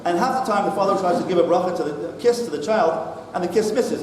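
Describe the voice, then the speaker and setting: A man's voice: high-pitched, quick pace, slight background noise. A middle-aged man, a rabbi, telling a story to a congregation in a synagogue hall and acting out the dialogue. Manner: animated storyteller, acts out dialogue. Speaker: rabbi giving a talk. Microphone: distant mic, far from the speaker. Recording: echoey hall recorded from far off.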